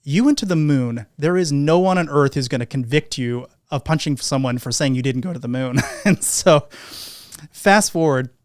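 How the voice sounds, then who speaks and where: Speaking at a normal speed in a medium-pitched voice, a man hosting a podcast shares a casual anecdote. He tells it with animation, playing out the quotes himself. The studio sound is dry and clean.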